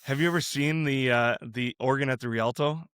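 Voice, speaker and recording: A man's voice: mid-range voice, moderate pace, fairly bright tone, clear, resonant tone, no echo, studio quality. A man hosting a podcast, asking questions in an easygoing, chatty way with enthusiastic asides. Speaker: podcast host. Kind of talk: casual interview chat.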